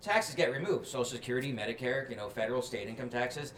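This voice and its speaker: A man's voice: mid-range voice, animated, fast, a bit bright. A man who is a guest in a casual chat, speaking emphatically and repeating words as he starts sentences. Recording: roomy, distant mic, faint noise.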